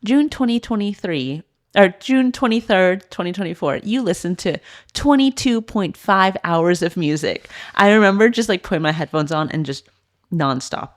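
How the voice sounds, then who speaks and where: Woman, thirties, low register; podcast guest, candid storyteller, loose and earnest with lots of "like". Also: expressive, normal speed. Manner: earnest, heavy use of "like" fillers. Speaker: podcast guest, former elite swimmer and coach.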